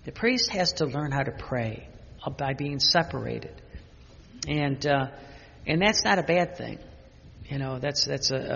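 An older man, a priest, giving an unscripted spiritual talk with personal stories, speaking haltingly with many restarts and fillers. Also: a little high, vocal fry, fairly bright tone, husky, in a large hall, muffled recording.

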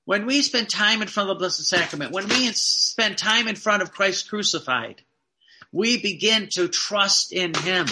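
A man preaching a sermon in an earnest, emphatic way, slowing down to stress key phrases. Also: sits high, expressive, bright, forceful tone, slight background noise.

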